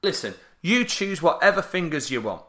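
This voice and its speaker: A man's voice: fairly high pitch, very animated, normal speed, fairly bright tone. A man co-hosting a podcast, teasing and joking playfully. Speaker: podcast co-host. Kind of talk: casual comic chat.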